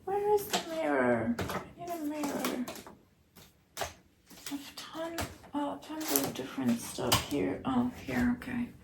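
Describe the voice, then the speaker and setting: Woman, actor, weary diary voice; fairly high, heavy vocal fry, soft and often whispering. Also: big pitch swings, takes it slowly, background noise. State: weary, low on energy. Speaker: actor keeping a video diary. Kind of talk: late-night video diary.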